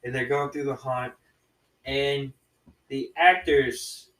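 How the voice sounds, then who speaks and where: A man's voice: mid-range voice, fairly even intonation, slow, fairly bright tone, reverberant, far from the mic, low-quality recording. A man casually retelling a movie plot on a podcast, rambling with many restarts. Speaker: podcast co-host reviewing movies.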